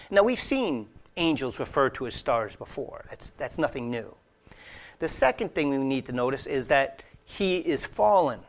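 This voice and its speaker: A male pastor preaching an expository sermon in a slightly high voice. He speaks earnestly and emphatically, rising loud on key phrases and dropping to hushed asides, with a casual, conversational edge and the odd restart.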